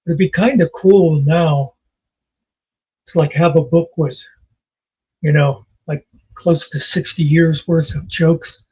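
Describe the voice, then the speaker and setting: A man in his sixties with a husky voice, chatting casually as a host and telling rambling jokes and memories. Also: on the high side, steady tone, slow pace, pauses often, a little mellow. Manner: rambling storyteller, laughs at his own jokes. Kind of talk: casual chat. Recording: dull lo-fi recording.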